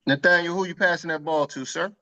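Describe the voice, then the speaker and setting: A man's voice: on the high side, fairly even intonation, quick pace, dull audio, a crowd in the background. A man hosting a group video call with playful, hype-man banter. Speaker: host.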